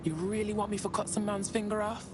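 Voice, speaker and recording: A woman's voice: mid-range voice, steady tone, fast talker, background noise, natural voice. An actress playing a blunt, reluctant young woman recruit in a video game, sounding exasperated. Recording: game audio with music.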